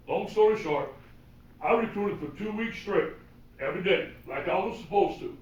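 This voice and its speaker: A man with a Cajun accent, a football coach telling animated motivational stories and acting out the dialogue. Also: sits high, moderate pace, muffled recording. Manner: animated, acts out quoted dialogue. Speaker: football coach giving a presentation. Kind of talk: motivational storytelling talk. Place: presentation room. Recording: roomy hall, mic from far off.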